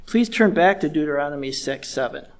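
A middle-aged man preaching a sermon in a measured, earnest way, slowing down to stress key words. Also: fairly high pitch, lively intonation. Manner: measured, earnest, slows down for emphasis.

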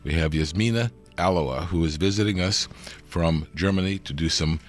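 An older man hosting an interview, his voice slightly hoarse and gravelly from a cold, speaking in a measured, welcoming way. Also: sits low. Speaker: host, church president.

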